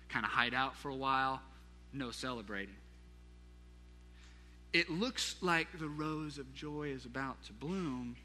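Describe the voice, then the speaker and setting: Bright-voiced man preaching in a reverberant church. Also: mid-range voice. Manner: lively storytelling with asides to the congregation. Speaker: pastor. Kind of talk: sermon.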